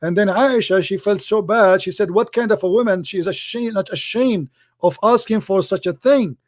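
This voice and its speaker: A man's voice: high-pitched, normal speed. A man in a heated outdoor street debate, confrontational and repeating his challenges. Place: outdoor public speaking spot.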